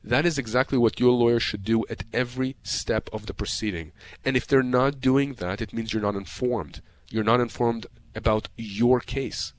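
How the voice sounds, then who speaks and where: Man of mid pitch, a lawyer giving emphatic, heated advice with repeated words. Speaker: personal injury lawyer as guest. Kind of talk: radio call-in advice talk.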